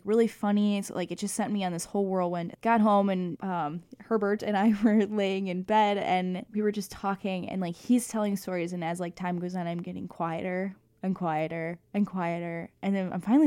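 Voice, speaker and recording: A woman's voice: medium pitch, no echo. A young woman co-hosting a casual chat, telling stories and acting out the dialogue. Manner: animated storyteller, acts out dialogue. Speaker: co-host.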